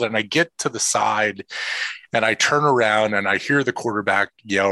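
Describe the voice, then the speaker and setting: Earnest middle-aged man with a bright voice. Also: on the low side, normal speed, vocal fry, dry recording. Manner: earnest, emotional, quotes others in lively voices. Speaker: father and assistant football coach. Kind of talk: personal storytelling.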